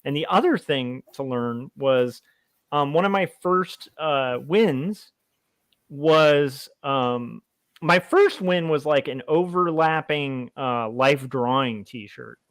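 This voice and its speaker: A man's voice: medium pitch, animated, slow pace, a bit bright, no echo. A middle-aged man co-hosting a podcast, thoughtfully sharing lessons from designing t-shirts. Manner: reflective, sharing advice. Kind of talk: casual chat.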